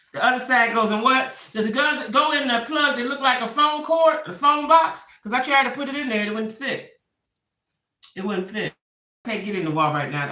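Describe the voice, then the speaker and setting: Middle-aged woman, frustrated live-stream host; bright tone, recorded in a roomy space. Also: medium pitch, distant mic. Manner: exasperated, talks to viewers directly. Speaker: vlogger. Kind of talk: casual live stream chat. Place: home room. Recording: roomy, away from the mic.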